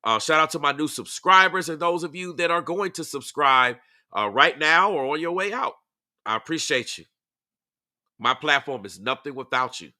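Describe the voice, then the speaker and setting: A man hosting a live stream, talking in a casual, emphatic way. His voice sits a bit high and has a bright, forceful edge. The sound is close and dry, with no room echo. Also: lively intonation, moderate pace. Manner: emphatic, repetitive, talking back to chat.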